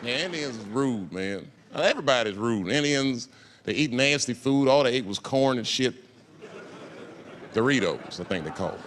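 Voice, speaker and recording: A man doing stand-up comedy on stage, an animated, profane storyteller whose pitch jumps up for emphasis. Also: moderate pace. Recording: live show, loud crowd and noise.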